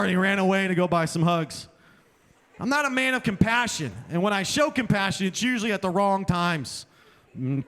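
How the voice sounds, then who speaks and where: A man's voice: high-pitched, fairly bright tone. A man preaching a chapel sermon, telling self-deprecating stories and acting out the dialogue. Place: chapel hall. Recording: long hall reverb.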